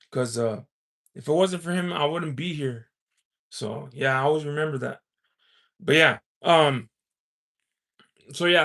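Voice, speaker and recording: A man's voice: on the high side, a bit bright. A man hosting a casual live stream, telling a story in a rambling way full of "you know" and "um", laughing often and reading out and answering viewer chat. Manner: laughs often while talking.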